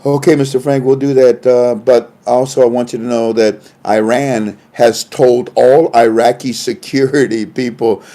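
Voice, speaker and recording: A man with a mellow, darker voice talks through reports in a casual livestream commentary. He keeps breaking into chuckling asides, trailing off and restarting his sentences, and he records on a phone. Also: medium pitch, fairly even intonation, measured pace. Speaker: online commentator.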